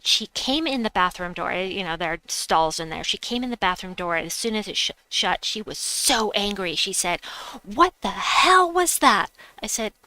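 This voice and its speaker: A woman's voice: lowish voice, normal speed, few pauses, pushed and bright, smooth, no room sound, poor audio. A woman streaming a game, telling a personal story in casual chat and reading viewer messages aloud.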